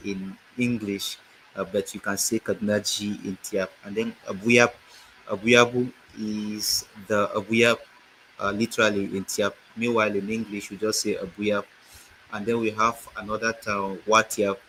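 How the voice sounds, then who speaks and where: Nigerian male teacher, low, sharp-edged voice, deliberate explanations, video-call mic. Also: a little hiss or hum, low-quality recording. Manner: slow, explanatory, repeats words for emphasis. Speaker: language teacher. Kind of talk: online lecture with slides. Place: home setup, online meeting. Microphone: computer mic on a video call.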